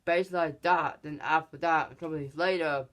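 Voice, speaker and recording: A man's voice: fairly high pitch, steady tone, fast, a bit bright. A man hosting a casual film review, rambling through the plot with many restarts. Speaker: channel host, film reviewer.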